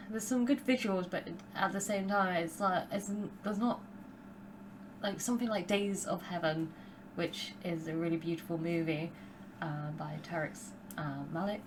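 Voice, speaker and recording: A woman's voice: lowish voice, fairly even intonation, normal speed, background noise. A British woman talking casually as a podcast guest, rambling with lots of restarts. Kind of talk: casual chat.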